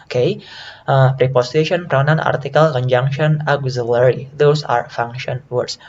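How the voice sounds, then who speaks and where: A man's voice: medium pitch, steady tone, moderate pace, highs cut off, a little hiss or hum. A man lecturing on phonetics, listing example words and often checking in with the class. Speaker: phonetics teacher.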